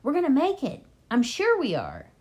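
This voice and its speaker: Woman doing a frantic shouting father fox. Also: huge pitch swings, moderate pace. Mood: hopeful. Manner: shouting, high-pitched, breathless urgency. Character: desperate male fox father urging family.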